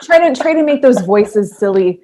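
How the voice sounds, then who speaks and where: A woman's voice: mid-range voice, lively intonation, moderate pace, dark tone. A woman co-hosting a podcast in casual chat, bubbly and rambling, often breaking into laughter. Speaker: podcast co-host.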